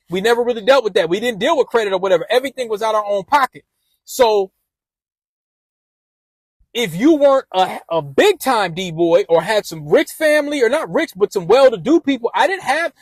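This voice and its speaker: A man's voice: high-pitched, no echo, rough recording. A man casually telling a rambling, profane personal story with lots of restarts.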